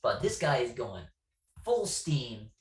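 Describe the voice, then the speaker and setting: A man's voice: mid-range voice, sing-song, slow pace, a little hiss or hum. Podcast guest, male, self-deprecating storyteller, roomy off-mic sound. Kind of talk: casual storytelling chat. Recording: echoey room, distant from mic.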